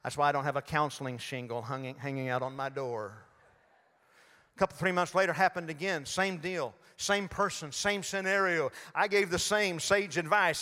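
A man's voice: on the high side, a little fast, bright, forceful tone. A man, preaching a sermon in a folksy, humorous storytelling way in a church. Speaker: guest preacher. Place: church sanctuary. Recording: long hall reverb.

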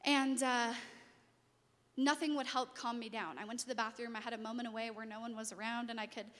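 High-voiced woman telling her story in a reverberant hall. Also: a little fast. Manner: animated storytelling, acts out quoted voices, laughs. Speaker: speaker sharing a testimony. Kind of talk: personal testimony talk.

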